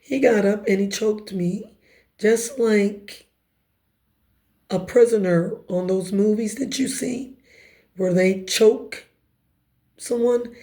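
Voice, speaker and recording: A woman with a raspy voice telling her personal testimony in an emphatic, conversational way with quick asides. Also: medium pitch, dark tone. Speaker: speaker giving personal testimony.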